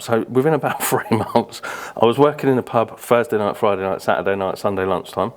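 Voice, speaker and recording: On a casual podcast interview, a Birmingham man with British English speech talks briskly in a low, fairly even voice, barely pausing. His stories ramble, thick with fillers and casual cursing.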